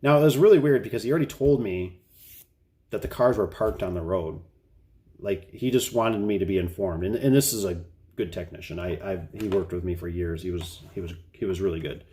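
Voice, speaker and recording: A middle-aged man with a fairly low voice tells a work story in a loose, chatty way. He rambles, restarts his sentences and sounds fed up with the customer. His tone is warm and mellow rather than bright. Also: brisk. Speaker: garage door business owner. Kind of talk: casual storytelling to camera.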